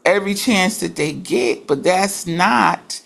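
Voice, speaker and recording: A woman's voice: fairly low pitch, animated, slow, vocal fry, a bit bright. A woman in a religious study group, reflecting aloud in a casual discussion, with frequent restarts as she works through her ideas.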